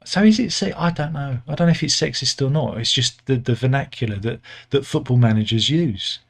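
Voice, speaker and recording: A British man with an ordinary mid-pitched voice, talking through the news in a loose, sardonic monologue. He rambles, stumbles, restarts, and fills pauses with "um" and "uh." The tone stays dry and mocking throughout. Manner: rambling, sardonic, self-correcting with many fillers. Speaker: satirical news commentator. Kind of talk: casual satirical monologue.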